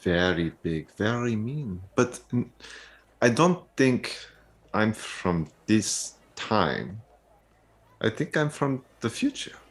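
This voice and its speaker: Bewildered man with lively pitch. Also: takes it slowly. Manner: bewildered, questioning. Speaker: player. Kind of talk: in-character tabletop play.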